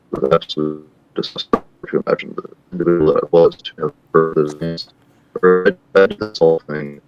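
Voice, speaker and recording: Deep-voiced man musing over dull voice chat. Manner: thoughtful, rambling, musing aloud. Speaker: host. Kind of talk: casual philosophical chat. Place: online voice chat.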